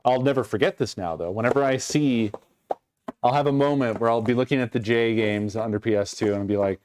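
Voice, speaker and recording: A man's voice: mid-range voice, fairly quick, darkish tone. A man streaming and chatting casually with his viewers, ranting in mock exasperation while he sorts things. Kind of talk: casual livestream chat.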